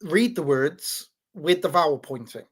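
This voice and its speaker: A man with a slightly higher voice than most talks through an explanation in a loose, casual way. He stumbles and restarts often, repeats his words, and keeps checking in with his listener. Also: expressive, unhurried, a bit bright, husky. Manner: teaching tone, checks in with "right?". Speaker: podcast host.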